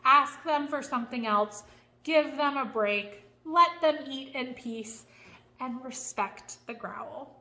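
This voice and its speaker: A woman's voice: sits high, slow, bright, forceful tone. A woman dog trainer giving a frank, chatty lesson on dog behavior. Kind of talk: instructional video.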